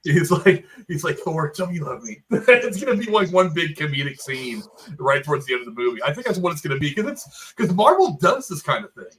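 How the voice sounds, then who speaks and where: Guy hosting a movie review podcast, bright punchy voice, kinda high. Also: fairly quick, poor audio. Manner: animated, swearing, theorizing. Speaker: podcast host. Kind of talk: casual movie review chat.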